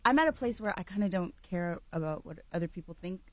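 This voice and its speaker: A woman's voice: fairly low pitch, lively intonation, quick pace, no echo. A woman guest in a casual studio interview, candid and reflective, who laughs easily. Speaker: guest, singer and actress.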